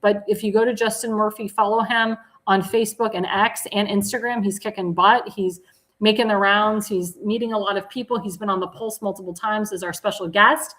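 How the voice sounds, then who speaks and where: Woman talk show host; enthusiastic, promotional, repetitive donation pitches, self-correcting. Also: steady tone, brisk, a bit bright, poor audio. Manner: corrects herself mid-sentence. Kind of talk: live political talk show.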